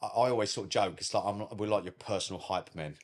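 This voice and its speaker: Cheeky, chatty British bloke with a lowish voice, rambling in relaxed podcast talk. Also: male voice, quick pace. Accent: British English. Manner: chatty, cheeky, constantly says "mate". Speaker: wedding photographer guest. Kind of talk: casual podcast chat.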